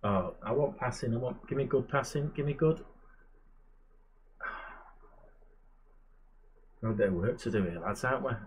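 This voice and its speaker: A man's voice: mid-range voice, animated, moderate pace, pauses often, slightly rough. A man giving casual, chatty commentary while playing a management game, muttering asides to himself. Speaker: gamer and channel host.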